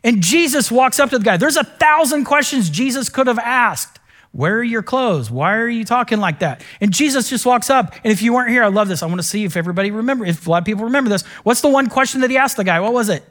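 A middle-aged man preaching a sermon in a relaxed, conversational way. His voice sits high for a man. He tells animated stories and pokes fun at himself. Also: fast talker. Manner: conversational, self-deprecating, animated storytelling. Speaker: pastor.

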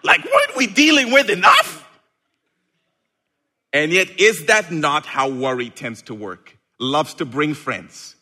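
A man preaching a sermon with a playful, animated delivery and sudden loud bursts. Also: on the high side, slow pace, breathy edge.

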